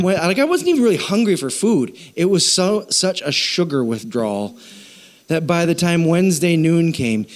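A middle-aged man preaching a sermon as pastor, telling a self-mocking story in an animated way. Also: on the high side.

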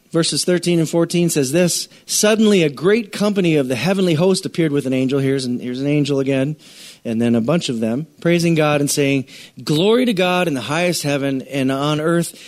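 A man's voice: a little high, a little mellow. A middle-aged man preaching a sermon in a conversational way, acting out scripture scenes and speaking straight to the congregation. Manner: conversational preacher, acts out scripture voices, addresses congregation directly. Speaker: pastor.

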